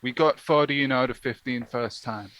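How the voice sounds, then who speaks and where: A man's voice: mid-range voice, normal speed, a bit bright. A man co-hosting a live stream, chatting casually and jokingly and reading on-screen text aloud. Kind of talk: casual chat.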